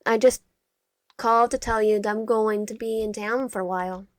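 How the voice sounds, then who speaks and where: A woman's voice: a little high, fairly even intonation, moderate pace, no echo, close to an everyday voice. A woman voicing a snippy young twin sister in a dating game, reading her lines in a curt, dismissive way.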